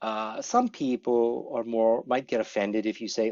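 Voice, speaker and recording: A man teaching English conversation to a class, acting out sample responses with lively changes of voice. He has lived in Korea for many years. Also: medium pitch, unhurried, dull audio. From English-speaking foreigner living in Korea. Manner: lively, acts out example responses. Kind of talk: classroom lecture.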